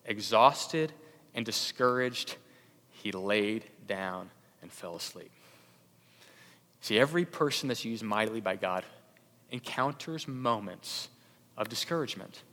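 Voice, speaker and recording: A man's voice: on the low side, lively intonation, unhurried, long pauses, pushed and bright. A young adult man preaching a sermon as a pastor, conversational, with many fillers and restarts. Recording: long hall reverb.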